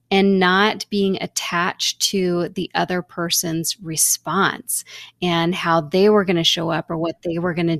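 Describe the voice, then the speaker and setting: A woman host speaking slowly and softly in a low voice, affirming her guest and framing thoughtful questions. The recording is close and dry. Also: no echo. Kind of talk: reflective interview questions.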